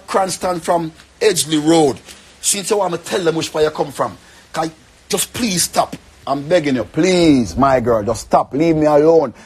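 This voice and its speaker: A man's voice: on the high side, slightly rough. A young man with a Jamaican accent, rambling and pleading in an emotional rant to the camera. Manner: pleading, rambling, repeats himself.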